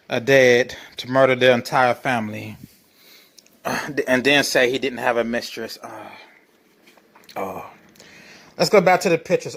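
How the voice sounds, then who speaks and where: Sarcastic man hosting a reaction commentary. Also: mid-range voice. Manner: sarcastic, mock-incredulous, repeats phrases. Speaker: show host. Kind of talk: reaction commentary reading articles aloud.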